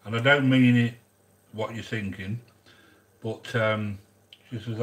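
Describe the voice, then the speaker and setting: A man's voice: lowish voice, fairly even intonation, slow, long pauses. A man chatting casually while hosting a cooking vlog, rambling and joking and greeting viewers by name. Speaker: cooking channel host.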